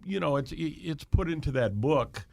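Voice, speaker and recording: A man joining a podcast conversation, speaking in a measured way about a longtime acquaintance. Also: a little high, animated, background noise. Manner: measured, clears throat. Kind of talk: casual interview talk.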